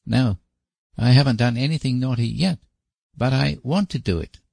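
A man's voice: medium pitch, moderate pace, vocal fry, a little mellow, breathy edge, dry recording, pitched above the performer's own voice. Man putting on a stammering, anxious little boy. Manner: pleading, hesitant, stammering. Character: small anxious earnest boy.

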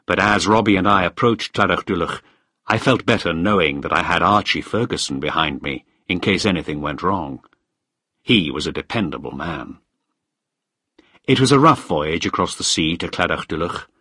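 A man narrating a first-person story in a measured, firm way. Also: low voice, pushed and bright, breathy edge, no room sound, clean studio sound. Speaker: audiobook narrator.

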